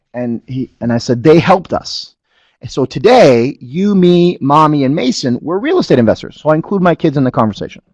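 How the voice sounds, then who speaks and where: Man pitching a business webinar, dry close mic. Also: no room sound. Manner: animated storyteller, asks the audience to agree. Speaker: webinar presenter.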